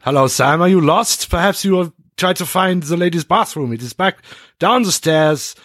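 A man's voice: fairly high pitch, lively intonation, normal speed, fairly bright tone, dry recording, clean studio sound, voice pushed up. A man voicing an elderly German restaurant owner with a German accent, stiff, formal and fussy. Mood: formal, wary.

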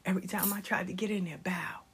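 An older woman with nine grandchildren talks fast in a lowish, fairly even voice with a breathy edge. In a casual storytelling monologue she shares life lessons passionately, often lowering her voice to a whisper.

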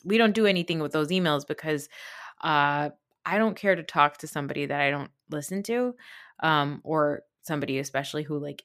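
A woman's voice: fairly low pitch, fairly bright tone. A woman hosting a podcast, giving a tired, sarcastic, rambling recap of a reality show, swearing now and then. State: tired, late at night. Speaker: podcast host.

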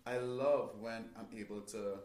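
Reflective male guest, low voice, echoey room with faint background. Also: fairly even intonation, a little slow, darkish tone. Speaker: guest musician. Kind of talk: casual chat.

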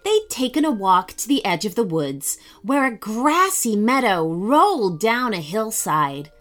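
A woman's voice: medium pitch, very animated, measured pace, a bit bright. Lilting woman reading children's stories. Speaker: podcast host and storyteller. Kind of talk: children's story narration.

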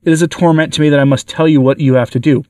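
A man's voice: a little high, steady tone, rapid-fire, mellow, no echo, natural voice. A man voicing a tormented male demon who shrieks and laughs defiantly, reading it for an audio story. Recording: dry, from far off the mic.

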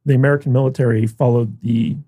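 A man's voice: medium pitch, steady tone, fast talker, warm tone, husky, dry recording. A man co-hosting a podcast, chatting casually and rambling through his points with fillers and restarts. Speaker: podcast co-host. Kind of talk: casual chat about a TV series.

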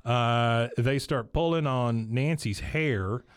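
A man's voice: medium pitch, slow, clear, resonant tone, dry recording. Man recapping a cartoon in a dry studio. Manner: animated storyteller, laughs while retelling. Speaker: podcast host. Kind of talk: casual episode recap. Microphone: studio mic.

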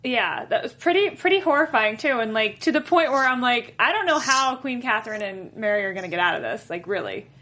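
Bright chatty woman host. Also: fairly high pitch, animated, brisk, hardly any pauses. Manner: chatty, reads viewer questions. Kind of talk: casual interview.

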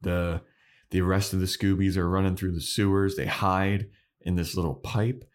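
Deep-voiced, chatty podcast guy. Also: fairly even intonation, normal speed. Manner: loose, chatty, laughing storyteller. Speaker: podcast co-host. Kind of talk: casual episode recap.

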